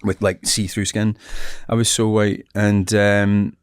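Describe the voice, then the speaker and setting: A middle-aged man with a Scottish accent, talking in a relaxed chat and telling stories with real energy, slipping into other people's voices as he goes. His voice sits on the lower side, and the recording is dry and close with no room sound. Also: takes it slowly, smooth, no echo. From Scotland. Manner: animated storytelling, acts out quoted voices, laughs often. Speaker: actor guest. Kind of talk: casual chat.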